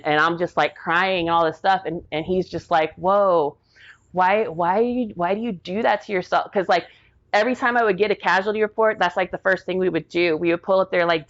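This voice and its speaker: A woman's voice: fairly low pitch, a bit bright, highs cut off. A woman in her forties, an Army veteran and interview guest, telling stories in a rambling, casual way full of "like" fillers. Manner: rambling, heavy use of "like", acts out quoted people.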